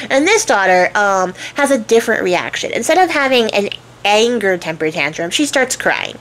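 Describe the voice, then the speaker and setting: A woman's voice: mid-range voice, sing-song, normal speed, fairly bright tone, poor audio. A woman retelling a fairy tale in a chatty, irreverent way, with asides to her viewers and casual swearing. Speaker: storyteller, channel host.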